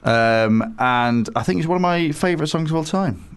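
A man's voice: on the high side, lively intonation, moderate pace, clean tone. A man chatting as a radio guest, rambling and enthusiastic, with lots of hesitations and restarts. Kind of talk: casual radio chat. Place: radio studio.

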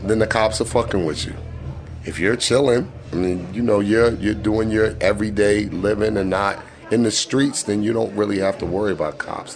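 A man's voice: lowish voice, normal speed. A rapper in his forties with a Boston accent, talking in a casual interview, laid-back and full of fillers and swearing.

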